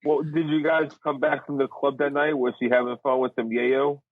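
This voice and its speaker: A man's voice: medium pitch, flat delivery, moderate pace, no echo. A man in his thirties co-hosting a casual podcast, joking and teasing. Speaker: podcast co-host. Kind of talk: casual chat. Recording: tinny phone-like dry sound.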